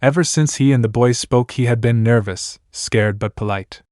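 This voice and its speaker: A man's voice: medium pitch, moderate pace, hardly any pauses, darkish tone, dry recording. Man reading a story, dry sound. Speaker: story reader. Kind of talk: fan fiction read-aloud narration.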